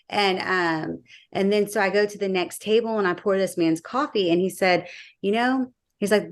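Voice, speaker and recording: A woman sharing her personal faith testimony in a casual interview, acting out the dialogue she recalls and using frequent fillers. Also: mid-range voice.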